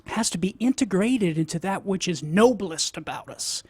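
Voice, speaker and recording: As a guest apologist on radio, a man with a Cajun accent teaches through ideas one step at a time, frequently adding "right?" to check in. He sounds high, husky and animated at a normal speed, with no echo.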